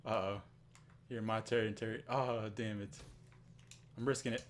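A young man giving excited commentary on his own gameplay, swinging from muttering to yelling and laughing. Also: lowish voice, a little slow, pauses often, slight background noise. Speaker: gamer.

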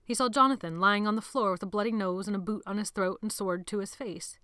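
A woman's voice: mid-range voice, a little fast, few pauses, pushed and bright, clear, resonant tone, no echo, clean studio sound. A woman narrating a novel as an audiobook, dramatic and dropping to a whisper at tense moments.

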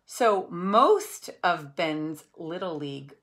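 A calm, patient father, voiced by a woman reading a picture book. He speaks gently and slowly, in a reassuring way. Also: on the low side, exaggerated voice.

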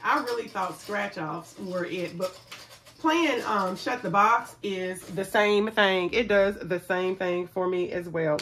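A woman's voice: on the low side, slight background noise. A middle-aged woman, chatting casually to viewers as she works through a savings challenge. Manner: chatty, excitable, talks to viewers as y'all. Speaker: budgeting vlogger.

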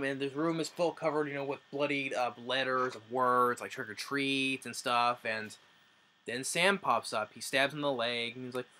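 A man talks through a film's plot in a loose, rambling way, doubling back and restarting his sentences as he goes. His voice is bright and forceful, sitting at an ordinary middle pitch. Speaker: movie reviewer. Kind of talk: casual plot recap.

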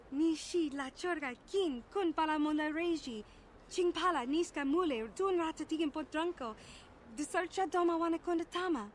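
Brief: a woman playing a high-voiced alien merchant chattering in a made-up tongue. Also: a little hiss or hum, lightly acted. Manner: steady alien-language chatter.

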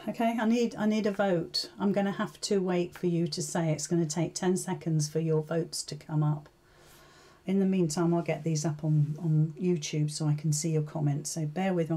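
A woman's voice: lowish voice, warm tone. A woman hosting a live sewing tutorial, chatting casually, thinking aloud and asking her viewers questions.

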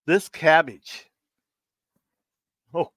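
A man's voice: fairly high pitch, very slow, a bit bright, dry recording. Chuckling man reading dad jokes. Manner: reads jokes aloud, chuckles at his own punchlines, rambling. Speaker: live stream host telling jokes. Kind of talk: casual live-stream joke telling.

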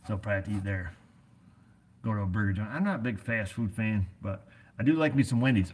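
A man's voice: lowish voice, expressive, fast talker, breathy edge. A middle-aged American man who runs an auto repair shop, chatting casually in a folksy, rambling way full of fillers. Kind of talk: casual rambling vlog chat.

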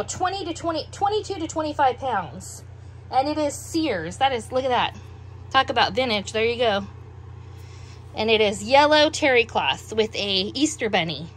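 A middle-aged woman with heavy breathing after a meal, chatting in an unhurried, musing way as she shows off a clothing haul at home. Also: high-pitched, a little hiss or hum. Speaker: doll collector showing a clothing haul. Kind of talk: casual show-and-tell vlog.

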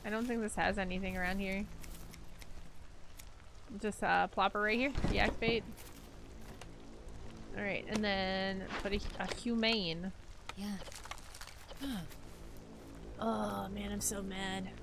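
A woman live-streaming a game in casual commentary, excitable and swearing freely, with yelled outbursts at the game. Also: mid-range voice, slow pace, creaky, pauses often, music in the background.

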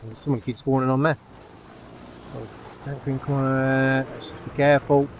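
A man giving live commentary over his own online shooter match, dropping to low muttering and then yelping loudly when the action heats up. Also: normal speed, lo-fi sound, a little hiss or hum. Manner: excitable, swings from low muttering to loud yelps. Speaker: gaming YouTuber.

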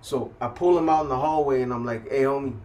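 A man telling a rough story in casual, profane street slang, reenacting the people in it as he goes. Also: medium pitch, quick pace, darkish tone. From California. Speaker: storyteller recounting prison life.

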